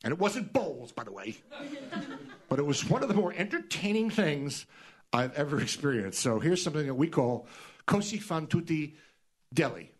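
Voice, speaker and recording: A male host doing a comedic monologue, riffing with animated exasperation. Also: fairly high pitch, normal speed. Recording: live audience laughter.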